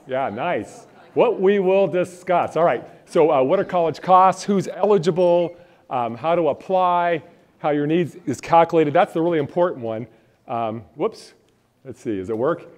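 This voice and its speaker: A man's voice: fairly high pitch, darkish tone. A man giving a live workshop on college costs into a mic in a room with an audience. He talks casually, rambles a bit and jokes with the crowd. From Phoenix, Arizona. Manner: jokey, rambling, chats with the audience. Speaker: college financial aid presenter. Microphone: handheld or stand mic.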